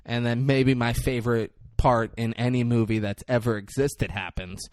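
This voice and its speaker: Podcast co-host, young man, crude banter, mid pitch, dry close sound. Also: fairly even intonation, normal speed, a little mellow, dry recording. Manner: crude, joking, acts out movie lines in mock voices. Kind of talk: casual chat recapping a movie.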